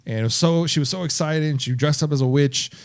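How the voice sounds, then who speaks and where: A man co-hosting a horror movie podcast in casual chat, telling stories in a relaxed way and leaning on the word "like". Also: a little high, quick pace, clear, resonant tone. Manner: relaxed, storytelling, many "like" fillers. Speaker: podcast co-host.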